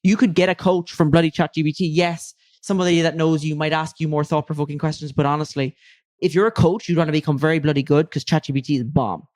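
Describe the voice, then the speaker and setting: A woman's voice: sits low, steady tone, quick pace, darkish tone, dry recording, studio quality. A woman speaking as a guest coach in a casual podcast interview, emphatic and loose, with casual swearing.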